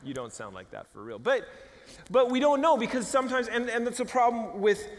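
Animated joking pastor in a reverberant hall. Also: male voice, very high-pitched, a little fast. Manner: animated, jokey, acts out voices. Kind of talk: conversational sermon with humor.

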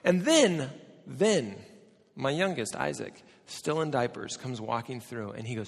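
A man's voice: medium pitch, lively intonation, measured pace, creaky. A middle-aged American man preaching a sermon, telling a story with joking asides to the audience. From United States. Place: large church or conference hall. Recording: long hall reverb.

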